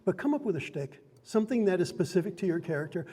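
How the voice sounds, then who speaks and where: A man's voice: high voice, lively intonation, fast, dark tone, slightly rough, big-room sound. A man acting as game master, explaining how to play a tabletop role-playing game in an upbeat, chatty way that often breaks into laughter. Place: card and game shop.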